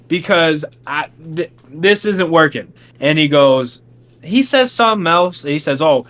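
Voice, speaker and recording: A young man on a casual podcast, telling a long story and acting out the quotes with big jumps in his voice. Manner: animated, acts out quotes with big pitch jumps. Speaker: podcast co-host.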